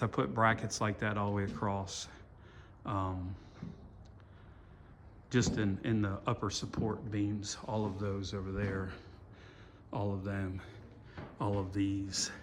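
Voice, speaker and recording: A middle-aged man walking through the old barn he restored, talking in a halting, rambling way full of fillers. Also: lowish voice, a bit bright, slight background noise. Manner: rambling, halting, self-deprecating, many fillers. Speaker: farm owner showing his restored barn. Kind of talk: casual walkthrough vlog.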